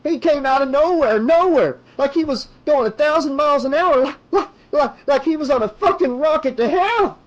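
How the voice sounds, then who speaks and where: A man reading an audiobook, voicing an injured truck driver who shouts and stammers in hysteria. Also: very high voice, normal speed, few pauses, dull audio, pitched above the performer's own voice. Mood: hysterical.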